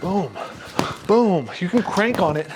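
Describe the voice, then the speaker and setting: A man demonstrating a punching bag while training, energetic, calling out strikes, a little out of breath. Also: slow, background noise. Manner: energetic, punctuates moves with 'boom' and 'pop'. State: slightly out of breath. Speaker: fitness instructor. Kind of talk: product demo while training.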